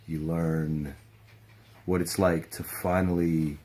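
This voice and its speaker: A man's voice: deep voice, flat delivery, takes it slowly, mellow, slight background noise. A man, a pro wrestler, giving a casual testimonial in a laid-back, rambling, slangy way.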